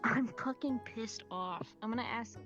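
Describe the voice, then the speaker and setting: Woman, goofy, repetitive, roleplay chat, somewhat high voice. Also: moderate pace, lo-fi sound, over music. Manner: goofy, repetitive jokey talk. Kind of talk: casual in-character roleplay chat.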